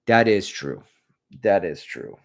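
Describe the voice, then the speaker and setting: A man's voice: sits low, big pitch swings, slow pace, gravelly. A middle-aged man hosting a running livestream, chatting casually, cracking jokes and reading out viewers' comments. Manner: rambling, jokey, reads out chat comments. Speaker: running channel host.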